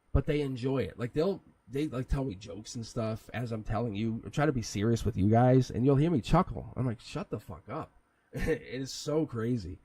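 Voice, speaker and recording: A man's voice: medium pitch, a little mellow, slightly rough, poor audio. A man hosting a live tarot reading, talking in a rambling, casual way, chuckling often and swearing now and then. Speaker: tarot reader, livestream host.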